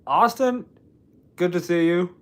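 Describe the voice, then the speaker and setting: A man's voice: sits high, a little slow. A man from Washington State hosting a casual live stream, rambling and joking while answering viewer comments. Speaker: livestream host.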